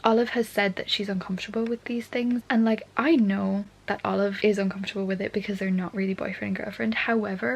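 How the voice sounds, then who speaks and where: A young woman chatting in a casual book vlog, gushing and excitable, often dropping to a soft near-whisper. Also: mid-range voice, vocal fry, husky, low-quality recording. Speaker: book vlogger. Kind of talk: casual reading vlog chat.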